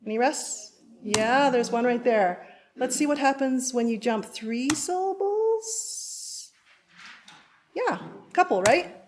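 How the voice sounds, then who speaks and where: A woman explains a rhythm piece to a crowd in a friendly, explanatory way. Her voice sits high. Faint noise runs underneath. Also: expressive, slow pace, darkish tone. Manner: friendly, explanatory, some fillers. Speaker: music theory presenter. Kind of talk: live classroom explanation. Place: large room with audience.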